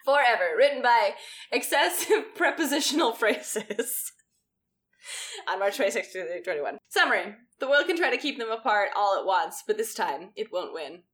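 Co-host, woman; wry quick remarks; bright, slightly high tone. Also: sing-song. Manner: dry quick quips and laughter. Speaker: podcast co-host. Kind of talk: casual banter and story reading.

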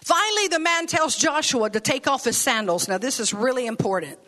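A woman's voice: high voice, animated, a little fast, a bit bright. A woman preaching a sermon with folksy phrasing and laughing asides.

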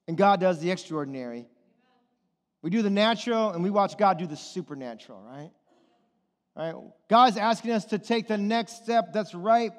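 A middle-aged male pastor preaching a sermon, animated and firing rhetorical questions at the congregation. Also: high voice. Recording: long reverb of a large hall.

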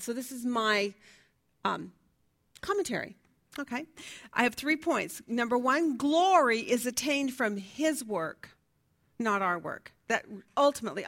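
A woman's voice: a little high, a bit bright. A woman teaching a Bible study class in a conversational way, asking her listeners questions and reading from her notes. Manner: fumbles with notes, laughs at herself.

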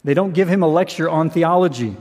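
A man's voice: fairly high pitch, brisk, darkish tone. A man preaching a sermon as pastor, earnest and emphatic, asking rhetorical questions. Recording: long hall reverb.

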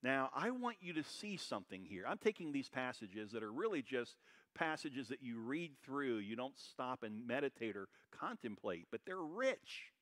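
A pastor preaching a sermon, loud and brash, swinging between shouted high points and quiet asides. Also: male voice, expressive, moderate pace.

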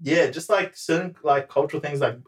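A man, talking in a relaxed chat. His voice sits a little high for a man. He slips into quick impressions of the people in his stories and laughs easily. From New Zealand. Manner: animated storyteller, acts out quotes, laughs often. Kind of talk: casual chat.

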